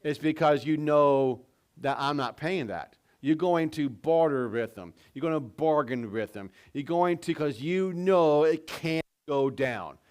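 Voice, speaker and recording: Preaching from a church sanctuary, a man serving as pastor tells stories and questions his congregation conversationally. His fairly high voice is smooth and darkish, delivered at a measured pace.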